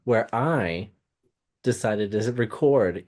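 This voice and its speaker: A man's voice: mid-range voice, takes it slowly, gravelly, pauses often, darkish tone. A man co-hosting a podcast, chatting casually and teasing his partner in playful banter. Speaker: podcast co-host. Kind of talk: casual chat.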